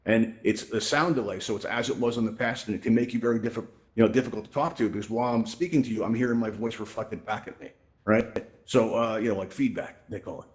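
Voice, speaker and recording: Into a headset mic, a man hosts a virtual reality tutorial event as a casual spoken presentation, chatting and tagging his lines with "right?" and "you know". His pitch is fairly low and his pace quick.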